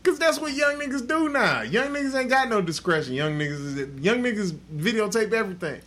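A man's voice: high voice, animated, a little fast, a bit bright. A man hosting a podcast, telling a story in crude, profane, casual chat. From Texas. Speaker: podcast host.

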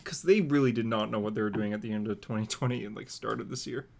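A man co-hosting a comic book podcast in relaxed casual chat, laughing between remarks. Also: lowish voice, fast talker, creaky. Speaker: podcast co-host.

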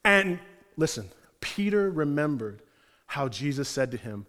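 A man preaching a sermon in a high, bright voice, telling the story in a loose, slangy, conversational way. His voice carries a long reverb, as in a large church sanctuary. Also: big pitch swings, measured pace.

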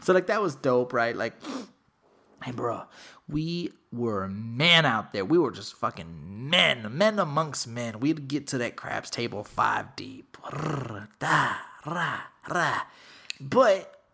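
A young man hosts a casual podcast and tells a rambling, profane story. His voice is gravelly, with an ordinary middle pitch. He gets animated and acts out the lines he quotes. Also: slow. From Texas. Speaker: podcast host.

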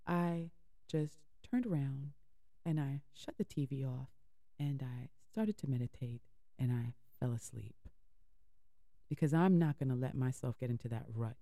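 A woman's voice: extremely low pitch, measured pace, warm tone, no room sound, clean studio sound. A woman hosting an internet radio show, giving heartfelt, encouraging inspirational talk and repeating phrases for emphasis. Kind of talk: inspirational talk between music.

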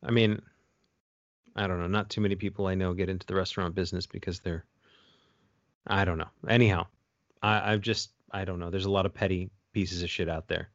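A man's voice: low-pitched, fairly even intonation, brisk, long pauses, no room sound, lo-fi sound. A man co-hosting a casual chat and telling stories, rambling with many fillers and restarts. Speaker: podcast co-host.

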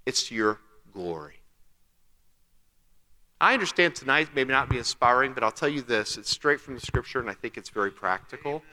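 Delivering his sermon in a conversational style, this pastor poses rhetorical questions and performs the quotes he cites. His mid-range voice sounds pushed and bright, and a long hall reverb colors the recording.

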